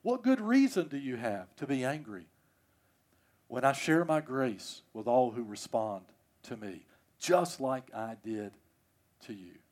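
God as a patient, reproving father, voiced by a male preacher in a sermon. He drops low and soft and keeps a measured pace. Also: animated, close to an everyday voice.

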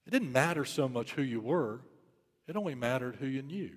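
A man's voice: mid-range voice, expressive, fairly quick, big-room sound. A man preaching a sermon, telling a story in an urgent, emphatic way and repeating key phrases. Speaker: pastor.

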